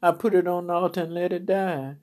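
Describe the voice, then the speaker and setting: A woman's voice: on the low side, steady tone, fairly quick, a little mellow. A middle-aged woman preacher giving a personal testimony, telling her story with laughter and feeling. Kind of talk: testimony sermon.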